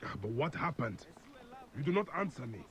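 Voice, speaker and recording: A man's voice: mid-range voice, very animated, a little fast, dull audio, natural voice. An actor playing a stern male warrior, asking direct, probing questions. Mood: probing, firm. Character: stern male warrior searching for his wife.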